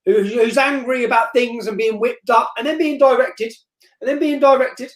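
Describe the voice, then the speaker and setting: A man telling a story as an interview guest on a live stream, blunt and forceful, repeating himself and tagging lines with "yeah?". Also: extremely high pitch, moderate pace. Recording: roomy echo.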